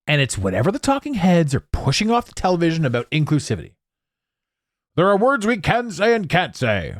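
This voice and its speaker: A man's voice: mid-range voice, wildly swooping pitch, a little fast, dry recording, studio quality. A man hosting a solo podcast, rambling through tangents with frequent swearing, sarcasm and laughter. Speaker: podcast host.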